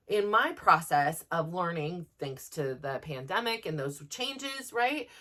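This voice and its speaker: A woman in her forties speaks openly on her podcast, chatty and lively, tumbling through fillers and acting out her own inner voice. Her pitch sits squarely in the middle. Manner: candid and animated, with many fillers and self-quotes. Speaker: podcast host. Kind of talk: personal reflective talk.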